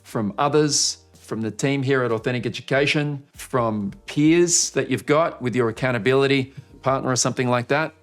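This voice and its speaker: Male coach running a live online training to camera, energetic with pitch jumps, faint music under. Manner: energetic, swings pitch up and down to show a point. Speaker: marketing coach. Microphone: speaking to camera.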